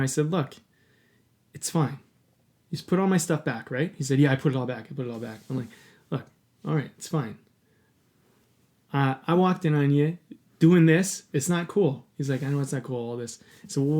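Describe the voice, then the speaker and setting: An earnest man with a slightly higher voice tells a personal story on a podcast. He talks openly and casually, with the odd swear word. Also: a little mellow. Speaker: podcast host.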